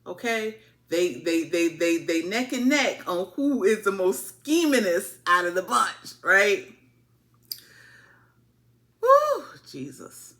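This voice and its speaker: Woman, TV recap vlog, animated, colloquial, repeats for emphasis, bright voice. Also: mid-range voice. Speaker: TV show reviewer.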